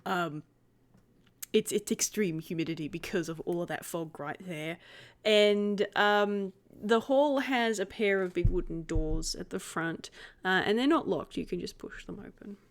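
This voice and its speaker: A woman's voice: on the low side, a little slow. Woman game master narrating a tabletop game. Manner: relaxed, descriptive, giggly.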